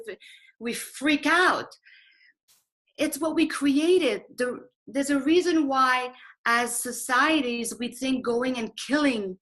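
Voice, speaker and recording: A woman's voice: a little high, a bit bright, poor audio. Earnest woman talking about honesty. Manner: earnest, emphatic, acts out her own inner thoughts. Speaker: speaker in a conversation. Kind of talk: reflective conversational talk.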